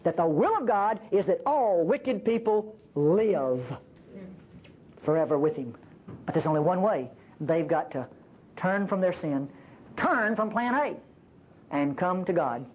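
A woman preacher giving a sermon at a church service, emphatic and animated, often asking the congregation rhetorical questions. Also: fairly low pitch, unhurried, pauses often, husky, narrow, tinny audio.

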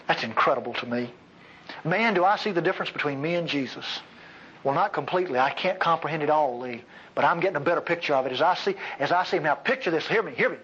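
A male preacher giving a sermon, emphatic, swinging between loud outbursts and quiet asides, on a dull lo-fi recording. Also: fairly high pitch, a little hiss or hum.

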